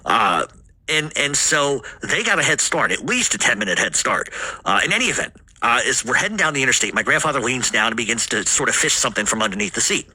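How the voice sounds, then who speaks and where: Husky, forceful man telling a rambling story. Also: medium pitch, sing-song, fast talker. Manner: rambling, heavy swearing, frequent fillers. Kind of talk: casual family storytelling.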